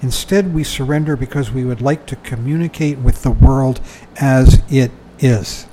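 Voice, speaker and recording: An older man's dharma talk mixes book reading with conversational commentary, punctuated by chuckles and repeated "you know." His mellow, medium-pitched voice moves at a normal speed, and the poor audio carries a little hiss or hum.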